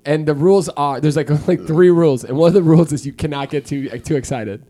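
A man's voice: on the high side, fast, warm tone. A man co-hosting a podcast in casual chat, telling stories and laughing often. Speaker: podcast co-host.

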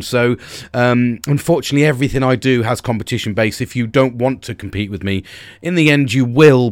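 A man's voice: medium pitch, no room sound. A British man in his forties hosting a casual solo podcast, rambling and swearing freely, breaking off to restart and punching out words with sudden emphasis. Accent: British English. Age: 40s. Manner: rambling, sweary and self-interrupting, with bursts of emphasis. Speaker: podcast host.

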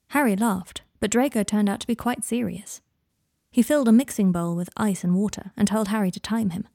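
Woman reading fanfic aloud, mellow low-key voice, dry close sound. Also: brisk, no room sound. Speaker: fan fiction reader. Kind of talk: audiobook narration.

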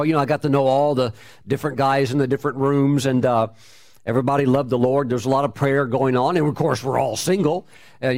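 A man telling a personal testimony in a conversational way, with many fillers and restarts. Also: mid-range voice.

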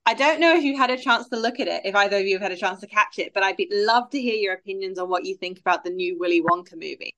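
A woman's voice: mid-range voice, quick pace, hardly any pauses, a bit bright. A woman on a chat panel, thoughtful, with stumbling starts. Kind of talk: casual chat.

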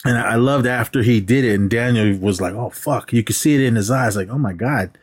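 Male podcast co-host, mid-pitch, lively storyteller who acts out scenes. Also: fast talker, breathy edge. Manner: animated retelling, acting out scenes with laughs. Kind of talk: casual movie chat.

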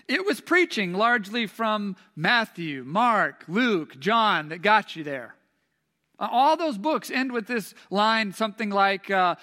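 A man's voice: high voice, lively intonation, moderate pace, bright, forceful tone, big-room sound. A middle-aged man preaching a sermon, telling a self-deprecating story with humor before turning to scripture. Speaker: pastor.

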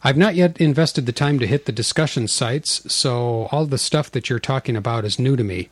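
A man's voice: medium pitch, normal speed, dry recording. A man hosting a podcast, bantering and joking at his own expense in casual chat. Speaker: podcast host.

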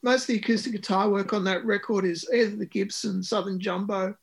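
A man's voice: high voice, steady tone, fairly quick, gravelly, husky. A man, a musician talking about his record in an interview, with many ums and restarts. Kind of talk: conversational interview.

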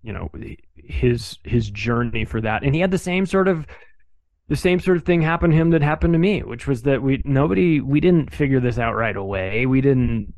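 A man speaking as a podcast guest in casual, conversational storytelling, animated and acting out other people's lines as he goes. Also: mid-range voice, normal speed, no room sound, dull audio.

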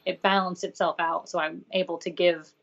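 A woman's voice: fairly low pitch, little pitch movement, normal speed, gravelly. Woman co-host with a muffled lo-fi sound. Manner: chatty, with dry sarcasm. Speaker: podcast co-host and business owner. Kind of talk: casual discussion.

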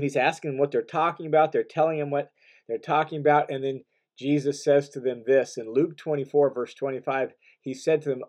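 A man's voice: on the high side, dark tone. A man preaching a sermon in an earnest, emphatic way, often restarting phrases and building to stressed bursts.

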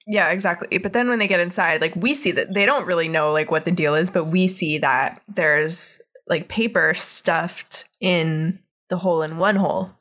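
A woman's voice: on the low side, normal speed, hardly any pauses, a bit bright. A young woman co-hosting a casual podcast, retelling a cartoon episode with lots of "like" fillers and acted-out quotes. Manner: chatty, many "like" fillers, acts out quotes. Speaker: podcast co-host.

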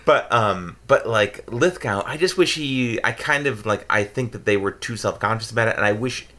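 A man's voice: fairly low pitch, expressive, moderate pace, pushed and bright. An American man co-hosting a podcast, chatting casually about a movie in a rambling, self-interrupting, joking way. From United States. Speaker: podcast co-host. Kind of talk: casual movie review chat.

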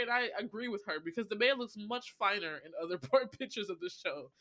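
A woman casually recapping a dating show on a podcast, animated, laughing and playfully exasperated as she tells it. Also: mid-range voice, fast, hardly any pauses, dry recording. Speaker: podcast host.

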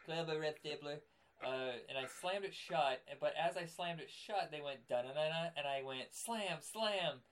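A young man co-hosting a podcast, chatting casually and acting out his stories with loud outbursts. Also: fairly high pitch, normal speed. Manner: animated storyteller, acts out scenes with loud outbursts. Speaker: podcast co-host. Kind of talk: casual chat.

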